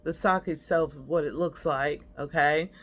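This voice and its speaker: A woman's voice: sits low, unhurried. A woman hosting a casual haul vlog, chatty and friendly, calling viewers y'all and laughing as she shows her finds. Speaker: host.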